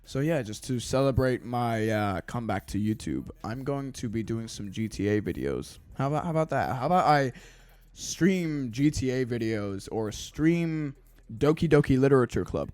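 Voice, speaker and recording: A young British man putting on an American accent, ranting to camera in a rambling, stammering way, swearing and mocking himself deadpan. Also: mid-range voice, dry recording. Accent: put-on American. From Britain. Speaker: YouTuber. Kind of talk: casual rant to camera. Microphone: desk studio microphone.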